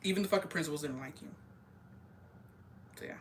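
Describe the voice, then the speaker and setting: A young woman telling a story in casual chat, swearing constantly and talking in an animated way. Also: low-pitched, a little fast, slight background noise. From rural area.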